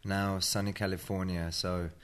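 A man from Sweden with a British-tinged accent, a tired interview guest speaking in a measured, matter-of-fact way. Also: sits low, flat delivery, a bit bright, clean tone. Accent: British-tinged Swedish. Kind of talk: interview conversation.

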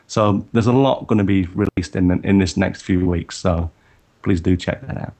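A man with a very low, deep voice chats casually on a podcast. He rambles a little, restarting sentences and filling pauses as he explains his plans. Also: a little mellow. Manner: rambling, many restarts and fillers. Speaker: photography workshop leader, guest.

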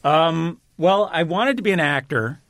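A man's voice: a little high, lively intonation, measured pace, fairly bright tone. A man being interviewed, telling stories in a chatty way, laughing often and restarting his sentences. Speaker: guest, director and writer. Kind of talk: casual storytelling interview.

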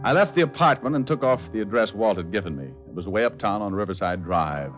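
An actor playing a wisecracking private detective who narrates in a wry, laid-back way, in 1940s radio acting from a muffled old broadcast. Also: male voice, on the low side, animated, fast, faint music behind, close to an everyday voice. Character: wisecracking male private eye.

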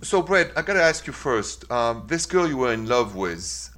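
A man's voice: medium pitch, sing-song, moderate pace, fairly bright tone. Male radio host. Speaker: radio advice show host. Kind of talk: radio call-in talk.

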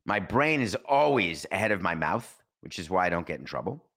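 A man hosting a sports talk show, telling stories in a playful, animated way with sudden jumps in pitch. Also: fairly quick, husky. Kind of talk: casual podcast monologue.

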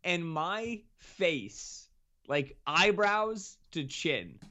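A young man co-hosting a podcast, casually telling a self-mocking story that grows animated. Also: a little high, very slow. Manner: animated, self-mocking, rising to laughing exclamations. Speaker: podcast co-host.

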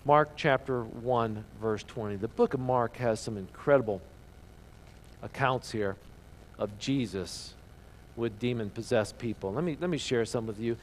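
A man preaching a sermon as pastor, earnest, asking the listeners questions and dropping to a hushed voice for emphasis. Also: mid-range voice, measured pace, a little hiss or hum, poor audio.

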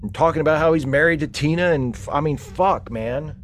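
A man's voice: a little high, a little fast, very noisy, natural voice. A man playing a grieving, frustrated young man who rambles with many fillers in a comedic audio drama. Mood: brooding.

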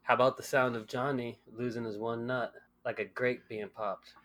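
A man's voice: mid-range voice, little pitch movement, moderate pace, a bit bright. A man co-hosting a comedy podcast, rambling through crude stories and laughing often. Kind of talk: comedic banter.

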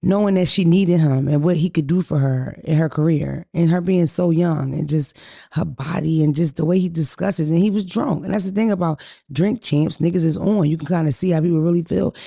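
A woman co-hosting a podcast in casual chat, telling stories in a blunt, profane, animated way. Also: low-pitched, a little fast, vocal fry, dry recording, studio quality. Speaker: podcast co-host.

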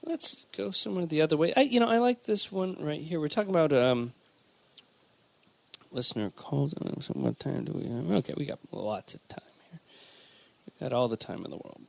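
A man's voice: on the high side, fairly quick, gravelly. A man co-hosting a podcast, chatting in a rambling, joking way with plenty of fillers as he reads out listener mail. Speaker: podcast co-host. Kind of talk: casual chat, reading listener mail.

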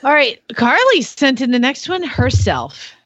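A woman co-host with a slightly high, lively voice, teasing her partner in wry banter. Her mic is close and dry. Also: unhurried, dry recording, lo-fi sound. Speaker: podcast co-host. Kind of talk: casual chat.

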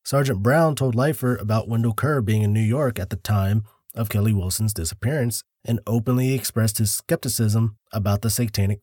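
Mellow lowish guy walking through a true crime case on a podcast. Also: slightly rough, no echo, studio quality. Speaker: podcast co-host.

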